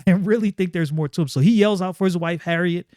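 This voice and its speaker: Enthusiastic comic reviewer, a man with a fairly high voice, chatty and repetitive, dry close sound. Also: fast, darkish tone, dry recording. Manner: enthusiastic, conversational, with repeated phrases. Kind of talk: casual video commentary.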